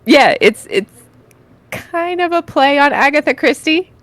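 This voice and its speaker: A woman's voice: sits high, animated, measured pace, no echo. A woman from Texas with a Texan accent tinged with British sounds, co-hosting a podcast in a chatty, rambling way and laughing often. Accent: Texan with some British influence. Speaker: podcast co-host. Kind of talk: casual chat.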